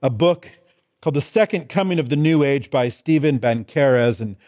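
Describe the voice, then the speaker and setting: A man's voice: medium pitch, normal speed, a little mellow, no room sound. A man preaching a sermon as pastor, stressing and repeating his key phrases in contrasting pairs.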